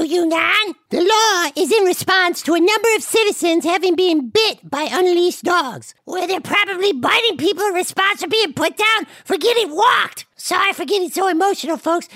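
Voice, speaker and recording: Brief: a squeaky, bossy dog news anchor, voiced by a woman, indignant, on a dry close mic. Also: animated, fairly bright tone, no echo, heavily acted. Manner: brisk, bossy, quick to outrage. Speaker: host.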